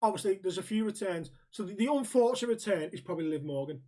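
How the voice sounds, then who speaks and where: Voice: medium pitch, animated, fast talker, mellow. Blunt podcast co-host. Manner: blunt, swears freely, tells stories with quoted dialogue. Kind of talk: casual ranting chat.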